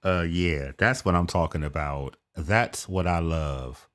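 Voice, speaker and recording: American guy reacting on his channel, low voice, unhurried delivery, playful mockery. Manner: animated, mocking asides. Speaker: video reactor. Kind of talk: casual reaction commentary.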